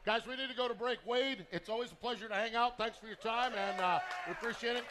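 A male host introduces guests and sponsors in an upbeat, announcer-like way. His voice sits very high for a man. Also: quick pace. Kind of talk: live event talk show.

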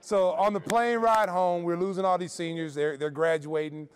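A man's voice: sits high, normal speed. A middle-aged man, a former basketball player, telling a story at a podcast roundtable and acting out the dialogue. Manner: animated storyteller, acts out dialogue.

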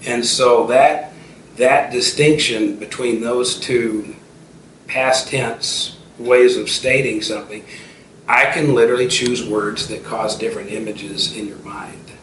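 A man's voice: mid-range voice, fairly even intonation, slow pace, fairly bright tone. A man in his fifties, an entrepreneur guest telling stories in a casual interview, with many restarts and fillers. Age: 50s. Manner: storytelling, frequent restarts and fillers. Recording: roomy and distant with faint noise.

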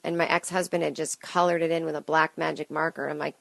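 Late-30s woman rambling on her solo podcast, kinda low voice, super dry close mic. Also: level tone, brisk, vocal fry, a bit bright, no room sound. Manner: rambling, self-deprecating, chatty asides. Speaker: podcast host and comedian. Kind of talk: solo stream-of-consciousness podcast. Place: home, alone. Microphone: close studio mic.

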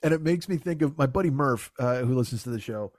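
A man's voice: medium pitch, lively intonation, fast, darkish tone, no echo, clean studio sound. A man hosting a podcast in casual comedic banter, with sarcastic, profane rants. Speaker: podcast host.

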